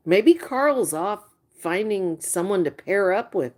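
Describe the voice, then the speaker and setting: A woman's voice: mid-range voice, expressive, slow pace. A woman hosting a live stream, gossiping casually with her viewers. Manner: chatty, gossiping, exasperated asides. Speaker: livestream host chatting with viewers.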